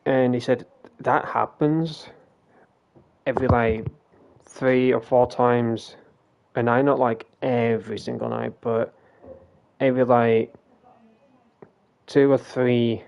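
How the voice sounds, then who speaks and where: A man's voice: medium pitch, steady tone, takes it slowly, creaky, pauses often, darkish tone, lo-fi sound. A man casually telling a ghost story during a game stream, rambling, swearing freely and acting out what people said. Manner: rambling, swears freely, retells quoted dialogue.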